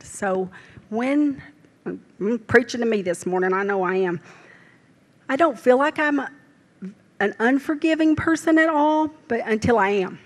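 In a large hall, an older woman lay preacher gives a folksy sermon at a church service, telling homespun stories in down-home grammar. Her voice sits in the mid range.

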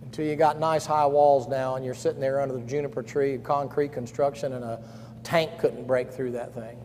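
A man preaching a camp-meeting sermon in a blunt, folksy way, swinging between hushed and loud delivery. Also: mid-range voice, fairly even intonation, normal speed. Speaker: pastor. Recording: long hall reverb, faint background noise.

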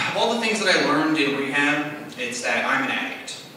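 A man doing conversational stand-up storytelling with quick asides at an open mic in a bar. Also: fairly high pitch, pushed and bright, slight background noise. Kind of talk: stand-up comedy. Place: bar stage. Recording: echoey bar from a distance.

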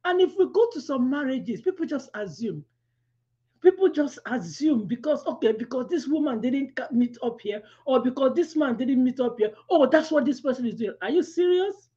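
Animated high-voiced woman preaching, lo-fi. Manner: animated storytelling, quick asides, laughs while telling. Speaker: devotional speaker. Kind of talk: devotional teaching with personal story. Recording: lo-fi dull sound.

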